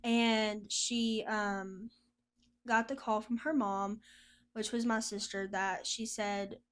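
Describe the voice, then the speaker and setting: A woman's voice: mid-range voice, little pitch movement, slow pace, a bit bright, clear, resonant tone. A woman sharing a personal testimony as a podcast guest, telling her story in a chatty, casual way and laughing often.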